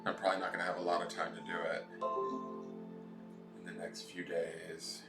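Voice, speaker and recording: A man's voice: low-pitched, monotone, moderate pace, vocal fry, roomy sound, over loud music. A man with a nasal voice, hosting a tarot live stream from home and chatting goofily with viewers. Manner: goofy, chatty, reads out viewer comments.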